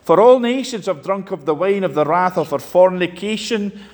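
A man preaching a sermon, impassioned, swinging sharply between loud and quiet. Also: moderate pace. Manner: impassioned, rises and drops sharply in pitch and volume. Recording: long hall reverb.

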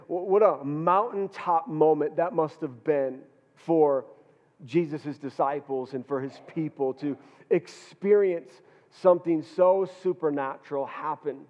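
A male pastor preaching a sermon, earnest, often repeating words as he builds his point. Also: a little high. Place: church hall. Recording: dull reverberant church hall.

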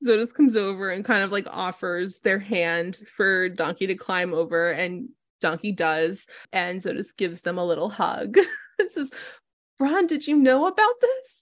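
A woman's voice: lowish voice, steady tone, unhurried, a bit bright, no echo. A woman narrating a tabletop game as game master, loose and full of fillers.

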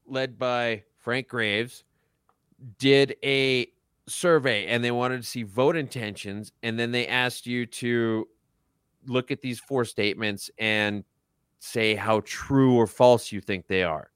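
Dude cohosting a podcast, regular mid voice, snarky and jokey, dry close mic. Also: male voice, medium pitch, slow, fairly bright tone, clean tone, no room sound. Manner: sarcastic, joking, mocking. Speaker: podcast co-host. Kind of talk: casual podcast chat.

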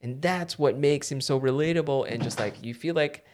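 A man's voice: mid-range voice, normal speed, a little hiss or hum. A young man co-hosting a podcast, chatting casually, laughing often and rambling. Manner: animated, laughing, rambling with restarts. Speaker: podcast co-host. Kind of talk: casual chat.

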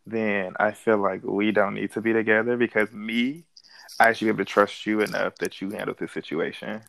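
A man's voice: lowish voice, steady tone, fairly quick, creaky, fairly bright tone, no room sound, poor audio. A man in his thirties, a little drunk, talking casually with many restarts and laughs. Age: 30s. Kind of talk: casual chat.

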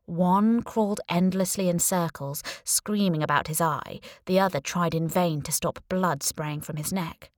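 Young female audiobook narrator: low-set voice, dry studio sound, wry first-person delivery. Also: measured pace, few pauses, dry recording.

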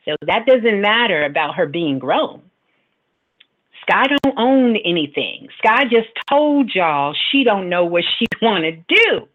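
A middle-aged woman hosting a talk show and giving casual advice in a teasing, animated way. She laughs often and acts out the voices she quotes. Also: medium pitch, a little slow. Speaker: radio host and spiritual advisor. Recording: tinny phone-line sound.

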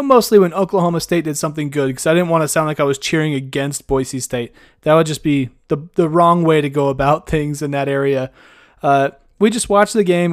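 A young man tells a funny story in a relaxed, chatty way, often poking fun at himself. His voice sits a little high. The sound is close and dry, with no room echo. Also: smooth. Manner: chatty, self-mocking, laughs at his own story. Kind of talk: casual storytelling.

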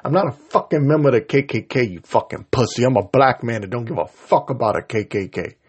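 A man's voice: medium pitch, fast, breathy edge. A man hosting his own podcast, delivering an angry, heated, profanity-laced rant and tripping over his words. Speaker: podcast host. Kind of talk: ranting solo podcast.

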